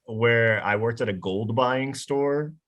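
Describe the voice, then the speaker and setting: Man, twenties, comedian guest, casual podcast chat, rambling storyteller, laughs a lot, mid pitch. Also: slow, a bit bright. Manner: rambling storyteller, laughs often, self-correcting restarts.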